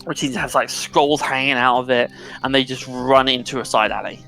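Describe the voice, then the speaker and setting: A man's voice: mid-range voice, fairly even intonation, brisk, sharp tone, faint music behind. A man narrating a tabletop game as game master in a casual way, with many fillers.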